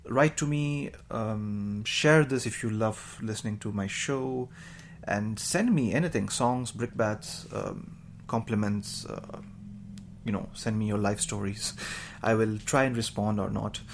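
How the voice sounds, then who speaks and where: A man's voice: on the low side, measured pace, creaky, a little hiss or hum. A man hosting his podcast alone, talking in a rambling, chatty way and joking about himself. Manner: rambling, chatty, self-mocking. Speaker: podcast host. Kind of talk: casual podcast monologue.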